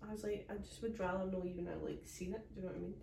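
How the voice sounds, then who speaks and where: Scottish woman on a comedy podcast, lively storytelling, acts out the voices, echoey phone recording. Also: on the low side, rapid-fire, gravelly, a little hiss or hum. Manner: acts out quoted voices, animated. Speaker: podcast co-host. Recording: echoey room, distant phone mic.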